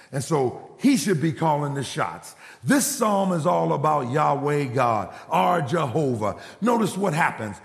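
A male pastor preaching a sermon, telling a family story and building to shouted exhortation. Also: on the high side, animated, a little slow, creaky, few pauses, in a large hall. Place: church.

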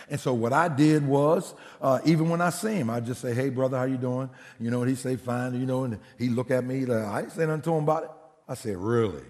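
A male pastor telling a story in a sermon, acting out the voices in the dialogue with big swings in pitch. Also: a little mellow, in a large hall.

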